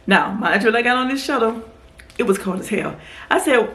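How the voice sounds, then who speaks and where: A woman vlogger telling a casual story to her camera, animated and acting out what people said. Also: a little fast. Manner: animated storyteller, acts out quotes in a higher voice. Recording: echoey room.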